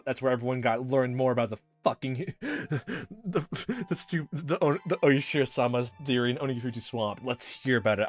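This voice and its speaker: Swearing and exasperated, a man with a mid-range voice gives casual let's play reaction commentary, laughing often and trailing off into fillers.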